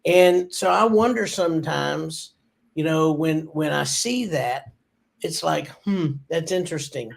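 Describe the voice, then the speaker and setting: A man's voice: fairly high pitch, unhurried, gravelly. A man co-hosting a marketing talk show, easygoing and self-deprecating in casual chat.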